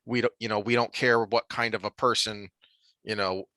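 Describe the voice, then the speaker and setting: A man co-hosting a podcast, talking through a TV series review in an animated, rambling way with frequent restarts. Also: fairly low pitch, moderate pace, no echo. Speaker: podcast co-host. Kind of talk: casual review discussion.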